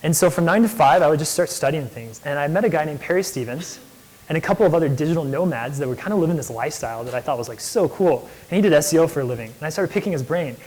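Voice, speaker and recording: A man's voice: on the high side, lively intonation, fast talker, darkish tone, low-quality recording. A young man, an entrepreneur, speaking in a casual, enthusiastic storytelling lecture style, full of "like" fillers. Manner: enthusiastic, chatty, many "like" fillers. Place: lecture hall.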